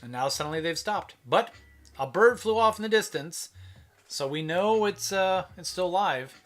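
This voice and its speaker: A man from Minnesota talks through a live stream in loose, casual commentary, often trailing off and circling back mid-thought. His voice sits a little higher than most men's. Quiet music plays faintly in the background. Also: lively intonation, normal speed. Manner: rambling, self-interrupting, chatty.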